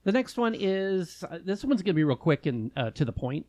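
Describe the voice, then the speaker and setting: A man's voice: sits high, sing-song, brisk, darkish tone, dry recording. A man from California co-hosting a podcast, joking and chatting casually with fillers. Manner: playful, jokey, trails off with fillers. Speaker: podcast co-host. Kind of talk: casual chat.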